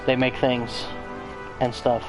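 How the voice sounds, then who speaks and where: A man's voice: medium pitch, monotone, takes it slowly, faint music behind, poor audio. A man giving casual, profane gameplay commentary, rambling with joking asides. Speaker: let's play host.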